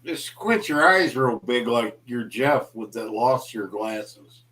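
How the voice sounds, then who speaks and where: A man's voice: mid-range voice, animated, slow pace, fairly bright tone. A man chatting as a guest on a late-night livestream, joking and ribbing the host. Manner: joking, teasing, playful. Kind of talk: casual late-night chat.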